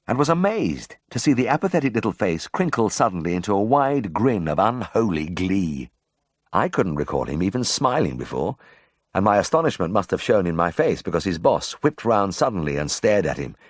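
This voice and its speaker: A deep-voiced man reads a memoir audiobook, telling it expressively with a lively, varied pitch. The recording is close and completely dry. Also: moderate pace, no echo. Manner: expressive first-person storytelling. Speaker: audiobook narrator. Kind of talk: audiobook narration.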